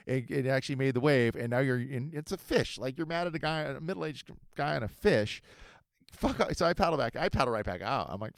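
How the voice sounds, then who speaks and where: A man in his forties from Southern California, hosting a podcast and telling a story in a profane, animated way. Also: mid-range voice, vocal fry, dry recording, clean studio sound. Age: 40s. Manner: animated, profane, quick-talking. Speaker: podcast host. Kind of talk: casual storytelling.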